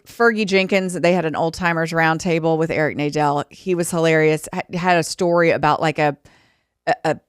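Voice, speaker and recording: A woman's voice: deep voice, fairly quick, clean tone, no room sound, studio quality. A woman co-hosting a podcast, chatting casually and telling stories about her work in sports broadcasting. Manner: chatty storyteller, animated when quoting. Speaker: podcast co-host. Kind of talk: casual chat.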